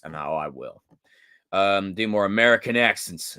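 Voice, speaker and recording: A man hosting a livestream, reading viewer comments aloud in a loose, excitable, joking way with some swearing. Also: on the low side, a little fast. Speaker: livestream host.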